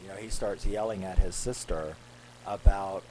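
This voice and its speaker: Low-voiced man recapping a horror film. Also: moderate pace, a little mellow, slight background noise, low-quality recording. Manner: rambling retelling, acting out characters' lines. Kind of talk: casual movie recap.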